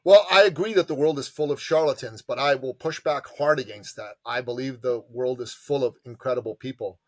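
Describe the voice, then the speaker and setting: A man, an entrepreneur advisor and podcast guest, telling stories with passion and emphasis and acting out quotes in lively voices. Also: medium pitch, a little fast, no echo. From immigrant to Canada from a tyrannical country. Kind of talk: animated storytelling interview.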